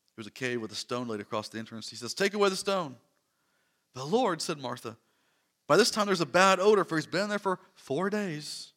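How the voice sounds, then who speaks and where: A man delivers a sermon in a high, bright voice. He is earnest, sinking into soft, hushed stretches before building to loud, emphatic repetition. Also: lively intonation, brisk. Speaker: pastor.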